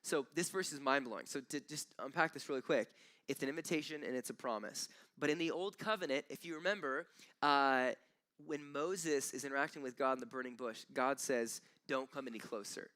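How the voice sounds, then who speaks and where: A man's voice: mid-range voice, brisk. Man preaching a conversational sermon. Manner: conversational preaching with animated quoted voices and repeated restarts. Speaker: pastor. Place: church.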